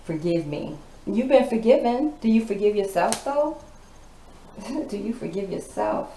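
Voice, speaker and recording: A woman's voice: medium pitch, lively intonation, unhurried, mellow. A woman giving a casual tarot reading. She talks bluntly, with a sassy tone and plenty of swearing. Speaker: tarot reader. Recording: echoey room with background noise.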